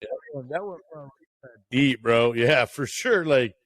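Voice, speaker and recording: A man hosting a podcast in an easygoing way, with a mid-pitched voice. He drops in short, relaxed reactions and follow-up questions. The recording is dry. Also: unhurried, no room sound. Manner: short laid-back interjections. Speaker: podcast host, Marine veteran. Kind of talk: casual interview chat.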